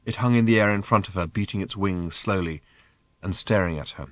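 A man narrating an audiobook in measured, lively storytelling. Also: sits low, dry recording. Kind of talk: scripted narration.

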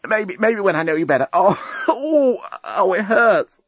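A man voicing a gruff, wounded alien journalist who growls and gasps and dodges questions. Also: high-pitched, lively intonation, moderate pace, fairly bright tone, no echo, highs cut off, pitched above the performer's own voice, heavily acted. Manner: growling, gasping.

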